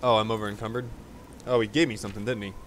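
A man's voice: lowish voice, little pitch movement, racing, fairly bright tone, slight background noise. A man hosting a casual let's play, commenting loosely and swearing freely as he plays. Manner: loose, profane, chatty.

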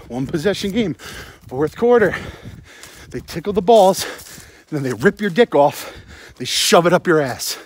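Running in the cold at night, a breathless young man who hosts a sports podcast vents into his phone about a football game. The postgame rant is rambling, sarcastic, and full of profanity. His voice sits high, and there's slight background noise.

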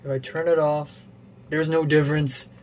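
A man's voice: a little high, little pitch movement, normal speed, a little hiss or hum. Man muttering through a game puzzle. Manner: muttering to himself, puzzling, self-mocking. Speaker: gaming channel host. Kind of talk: playing a puzzle game while thinking aloud.

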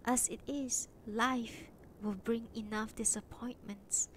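Woman doing a touchy middle-aged lady on holiday, formal careful way of talking, kinda high voice, faint rumble behind. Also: fairly even intonation, takes it slowly, fairly bright tone. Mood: wistful.

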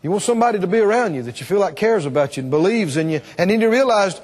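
A man preaching a sermon, swinging dramatically between hushed passages and loud, ringing ones. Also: high voice, very animated, rapid-fire, hardly any pauses. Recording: hall reverb.

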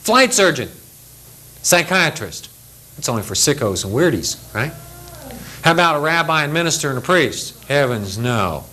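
A man's voice: a little high, big pitch swings, normal speed, sharp tone, rough recording. An older man delivers a safety lecture to pilots in a blunt, folksy way. He speaks plainly and acts out the people he quotes. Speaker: aviation safety instructor. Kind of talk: lecture briefing.

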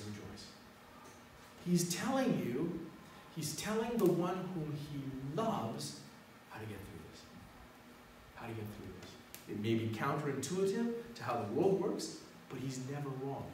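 A man preaching a sermon as pastor, swinging between loud exhortation and quiet, prayerful lines. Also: on the high side, slight background noise. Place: church sanctuary. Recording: echoey hall, mic from far off.

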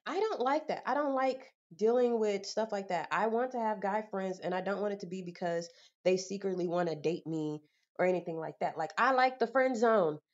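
Young adult woman, blunt and exasperated, slangy vlog rant, mid-pitched voice, slightly dull lo-fi recording. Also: normal speed. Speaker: vlogger. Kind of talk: candid vlog monologue.

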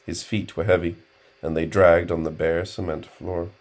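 A male audiobook narrator with a very deep voice. He reads in a measured, subdued way, steady and unhurried through the prose. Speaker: audiobook reader.

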